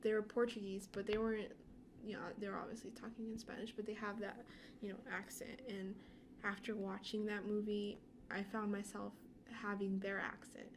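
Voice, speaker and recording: A woman's voice: mid-range voice, flat delivery, normal speed. Woman chatting easy on a podcast, mid voice, faint hiss in the back. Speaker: podcast co-host. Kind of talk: casual chat.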